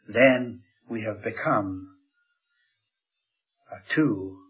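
A man preaching a sermon, swinging his voice up and down for emphasis. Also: drawn-out words. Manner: dramatic rises and drops in pitch and volume. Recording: dull lo-fi sermon recording.

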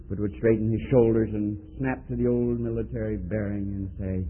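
A man preaching a sermon, swinging between loud pleading and low hushed tones as he fires off rhetorical questions. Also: fairly even intonation, brisk, few pauses, slightly rough. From United States. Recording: tinny phone-like archival recording.

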